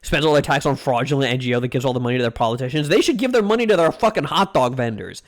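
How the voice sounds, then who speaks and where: A man's voice: medium pitch, lively intonation, rapid-fire. A young man streaming, reacting to food with casual, mock-outraged rants and plenty of swearing.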